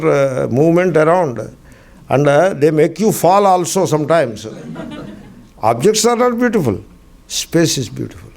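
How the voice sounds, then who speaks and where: Gravelly-voiced swami giving an emphatic lecture. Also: male voice, a little high, a little mellow. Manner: emphatic, poses and answers rhetorical questions; repeats key phrases slowly, with dry humor. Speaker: swami teaching a class. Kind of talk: spiritual discourse lecture.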